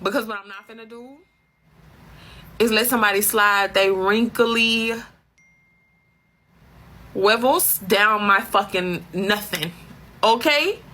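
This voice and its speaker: A woman's voice: mid-range voice, takes it slowly, long pauses, bright, forceful tone. A woman telling a comic story as a profane, exasperated rant full of slang. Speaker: comedic storyteller.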